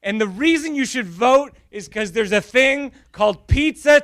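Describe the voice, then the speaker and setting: A man performing a stand-up comedy set, rambling and self-deprecating in a deadpan way. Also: very high voice, moderate pace, hardly any pauses, no echo. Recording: crowd laughter in background. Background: audience laughter.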